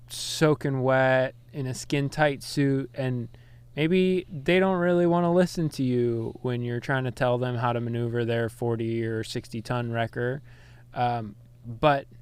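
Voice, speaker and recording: Man, mid register, podcast guest, calm and explanatory, smooth clear voice, dry sound. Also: medium pitch, no echo. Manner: calm, explanatory, laughs easily. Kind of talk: casual chat.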